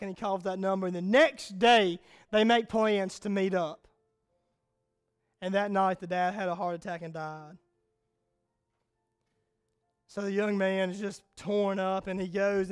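A male pastor preaching a sermon in a very high, smooth and resonant voice. He tells his story earnestly and circles back over his words as he goes.

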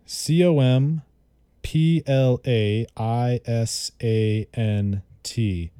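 Mellow chatty man teaching vocabulary. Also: mid-range voice, drawn-out words, clear, resonant tone, dry recording. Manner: chatty, repeats and spells out words. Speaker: vocabulary tutor. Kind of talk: casual vocabulary lesson.

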